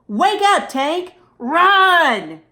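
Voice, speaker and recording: A woman voicing a bossy, take-charge highlighter in a children's storybook, brisk and commanding. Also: very animated, fairly bright tone. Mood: urgent.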